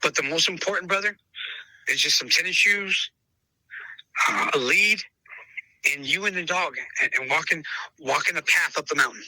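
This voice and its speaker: A man's voice: a little high, moderate pace, pauses often, pushed and bright, no echo, rough recording. A man talking emphatically in a casual interview, repeating himself and calling the listener brother. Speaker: podcast host interviewed as dog trainer.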